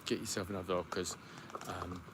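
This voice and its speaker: A man hosts a relaxed solo livestream from home, letting his thoughts wander aloud and filling the gaps with ums. His voice sits on the low side. A faint hiss runs underneath. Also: a little fast. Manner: rambling, thinks aloud with many ums. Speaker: podcast host. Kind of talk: casual solo livestream chat.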